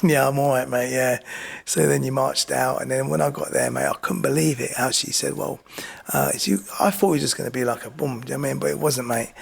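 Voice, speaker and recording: A middle-aged man tells his stories with lively energy, keeps checking in with his listener, and has a gravelly, creaky edge to his voice. He speaks at a medium pitch, relaxed and chatty, like a guest on a podcast. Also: quick pace. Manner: animated, repeats "do you know what I mean". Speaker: boxing coach and podcast guest. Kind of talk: casual storytelling.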